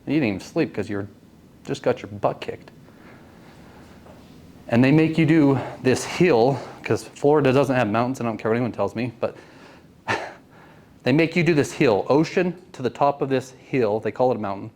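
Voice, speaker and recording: A man's voice: medium pitch, normal speed, pauses often, darkish tone, slight background noise. A man in his late thirties telling a personal story to a networking group, earnest and often asking the audience questions. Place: meeting room.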